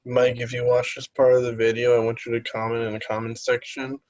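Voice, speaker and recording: A young man co-hosting a podcast in casual chat, an animated storyteller who jumps into high voices when quoting people. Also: a little fast, no room sound. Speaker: podcast co-host. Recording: dull lo-fi sound, dry.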